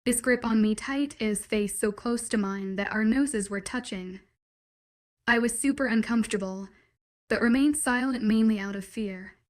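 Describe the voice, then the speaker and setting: A woman's voice: fairly high pitch, moderate pace. A woman narrating a first-person romance story in a sardonic, matter-of-fact way. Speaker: audiobook narrator.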